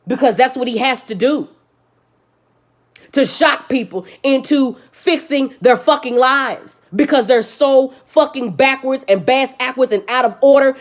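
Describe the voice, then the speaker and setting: A woman speaking a little slowly vlogs a passionate, curse-heavy rant. She preaches, repeats her points emphatically, and alternates between loud outbursts and soft, subdued stretches.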